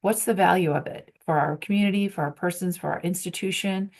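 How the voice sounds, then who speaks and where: A woman presenting on workplace change in a low, gravelly voice. She asks one rhetorical question after another, with plenty of ums between them. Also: fairly quick. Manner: poses strings of rhetorical questions with frequent ums. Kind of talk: conference presentation.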